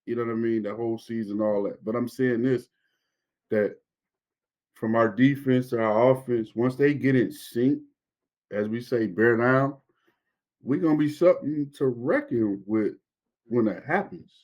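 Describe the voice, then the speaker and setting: A man's voice: medium pitch, unhurried, a little mellow. Easygoing man in casual football chat. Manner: easygoing, repetitive, laughing asides.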